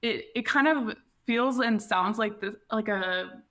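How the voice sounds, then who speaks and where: Bright-voiced woman, reflective podcast guest. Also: mid-range voice, unhurried. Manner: reflective, frequent "like" fillers and restarts. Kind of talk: casual conversational interview.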